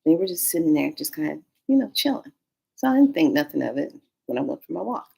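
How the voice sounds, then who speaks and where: A woman vlogger telling a story in a casual, animated, slangy way, acting out every quote. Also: deep voice, fast, gravelly, breathy edge.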